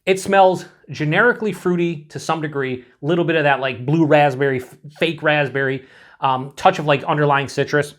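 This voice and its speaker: A man's voice: fairly high pitch, brisk, fairly bright tone. A man reviewing a beer on his own in a casual, rambling way, full of fillers and restarts, cheerful and swearing now and then.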